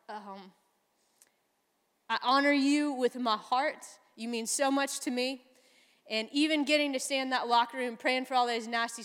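A woman's voice: high-pitched, a bit bright. A woman chaplain giving a sermon, telling stories with emotion and frequent laughter. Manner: emotional, laughing, chatty storytelling. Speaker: naval chaplain preaching. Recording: long hall reverb.

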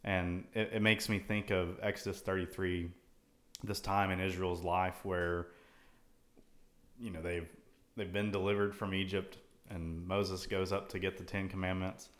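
A man's voice: deep voice, flat delivery, measured pace, fairly bright tone. A man co-hosting a casual Christian talk show, thoughtfully quoting and explaining scripture at length. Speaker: co-host. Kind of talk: casual Bible discussion.

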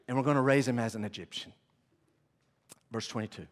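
A man preaching a sermon, telling the story with animated swings between hushed and loud. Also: medium pitch, fairly quick, pauses often. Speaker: pastor. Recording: long hall reverb.

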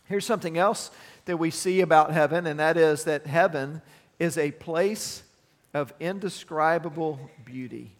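A middle-aged male pastor preaches in an earnest, conversational way, weaving personal asides into scripture. His voice sits a little high for a man. The sound rings with the long reverb of a large hall. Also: a little slow. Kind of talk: sermon.

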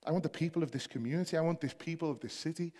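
Impassioned Scouse preacher in a reverberant hall. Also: male voice, a little high, rapid-fire, darkish tone. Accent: Liverpool (Scouse). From Liverpool, England. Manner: impassioned, building to emphatic exhortation. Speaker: pastor. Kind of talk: sermon. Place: church hall.

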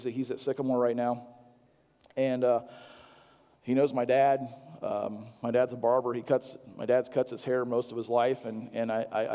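A male pastor preaching a sermon in a halting, earnest way, full of restarts and fillers. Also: mid-range voice, dark tone, big-room sound.

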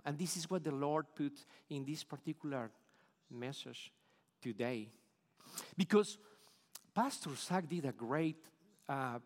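Colombian pastor, middle-aged, Spanish-accented English, earnest and halting, fairly high voice, reverberant sanctuary. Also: male voice. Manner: earnest, repeats words while searching for phrasing. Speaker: preacher. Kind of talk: sermon. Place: church sanctuary.

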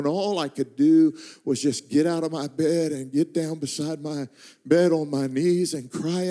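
A man's voice: fairly high pitch, steady tone, unhurried, dark tone. Earnest man preaching a personal story. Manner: personal storytelling that swells into impassioned prayer. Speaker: traveling preacher. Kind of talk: sermon. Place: church stage before a congregation.

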